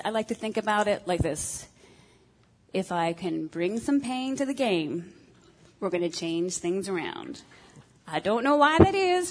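A woman's voice: medium pitch, rough recording. A woman giving a frank, self-deprecating talk on marriage to a group, with many ums and uhs. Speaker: speaker on marriage. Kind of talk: candid talk to a group of women.

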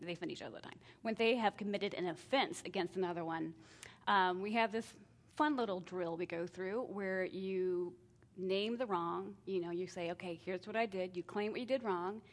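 A middle-aged woman talks through parenting advice in a relaxed, chatty way. She slips into lively put-on voices for her kids and herself and laughs at her own slip-ups. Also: lowish voice, moderate pace. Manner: animated, acts out family exchanges with self-deprecating laughs. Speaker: parenting speaker. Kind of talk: casual talk on parenting.

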